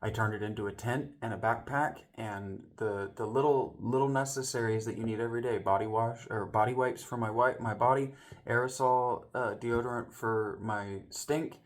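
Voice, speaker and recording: A man tells a personal story straight to the camera in a loose, casual vlog style. His voice sits at an ordinary middle pitch. He rambles, keeps restarting and correcting himself, and slips into the voices of the people he quotes. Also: steady tone, normal speed. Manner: voices other people's lines in the retelling. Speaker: vlogger telling a personal story.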